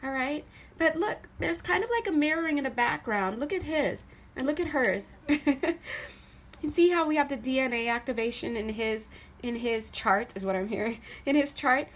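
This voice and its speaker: A woman doing a casual tarot reading to camera, chatty and animated, laughing often as she talks through the cards. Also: high-pitched, moderate pace. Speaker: tarot reader.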